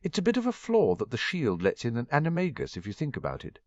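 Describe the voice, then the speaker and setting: A man voicing an earnest, bookish teenage girl in a fan-fiction audiobook, talking in quick rushes. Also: mid-range voice, huge pitch swings, no echo, voice pushed up. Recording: dull, muffled dry recording.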